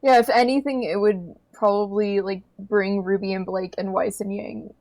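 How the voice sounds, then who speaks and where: A woman's voice: medium pitch, fairly even intonation, moderate pace, a little mellow, dry recording. A woman co-hosting a podcast in casual chat, giving easygoing, brief agreeing replies. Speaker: podcast co-host.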